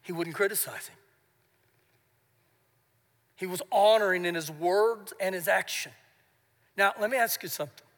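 A man preaching live in a church hall, his voice very high for a man and ringing with long reverb. He swings from shouting to hushed, confiding retellings of scripture. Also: moderate pace, pauses often. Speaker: pastor. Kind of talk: sermon. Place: church sanctuary.

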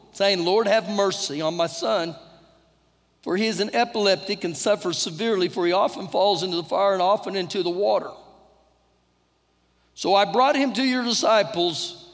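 A man's voice: sits high, a little fast. A man with a Texan accent, a pastor preaching an earnest, conversational sermon with repeated phrases. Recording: long church-hall reverb.

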